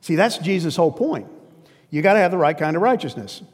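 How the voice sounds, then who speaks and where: A man's voice: a little high, sing-song, quick pace, husky. An earnest male pastor preaches with a slightly raised voice, his conversational delivery carried on a long hall reverb. He presses his points with plain emphasis. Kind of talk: sermon.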